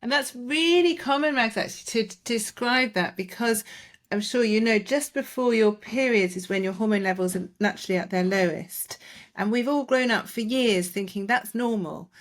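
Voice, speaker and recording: A woman's voice: fairly high pitch, normal speed. A woman, a doctor hosting a podcast, explaining things reassuringly and checking in with tag questions. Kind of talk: conversational interview.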